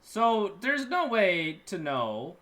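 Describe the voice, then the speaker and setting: A man's voice: high-pitched, big pitch swings, slow pace, fairly bright tone. A man playing a board game online, thinking aloud with restarts and defensive bursts. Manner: hesitant, restarts often, then defensive bursts. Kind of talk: casual game chat over voice call.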